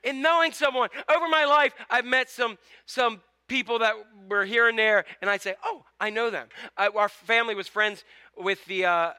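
A male pastor delivering a conversational, animated sermon in a church. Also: very high-pitched, moderate pace, clear, resonant tone. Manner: conversational, animated preaching with quoted exclamations. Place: church sanctuary.

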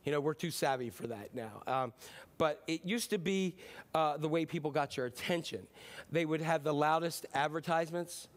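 A man in his fifties preaching a sermon in a conversational, joking way, slipping into quick impressions. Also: a little high. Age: 50s. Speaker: pastor.

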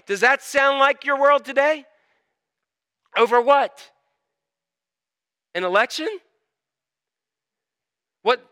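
Man, middle-aged, sermon, high voice, bright tone, dry close sound, chatty and self-mocking. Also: dry recording. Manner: conversational, self-deprecating, acts out inner voices. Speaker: pastor.

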